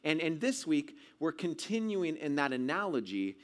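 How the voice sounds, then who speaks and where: A man preaching, building his sermon around a personal story. His voice sits a little high for a man, and he plays the scenes out with big contrasts, shouting some lines and dropping to a near hush on others. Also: sing-song, moderate pace. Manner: dramatic, swinging from loud shouts to hushed tones. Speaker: pastor.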